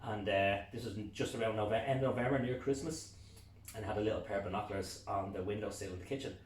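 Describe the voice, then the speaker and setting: A man with a Dublin Irish accent, a guest on a podcast, telling a story in an excitable way and swearing freely. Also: on the low side, fast. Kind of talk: casual podcast interview storytelling. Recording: echoey room, distant mic, faint noise.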